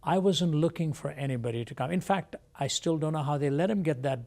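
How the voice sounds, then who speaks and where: A man as an interview guest, telling a personal testimony in a measured, reflective way. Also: fairly high pitch, gravelly, darkish tone. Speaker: guest speaker.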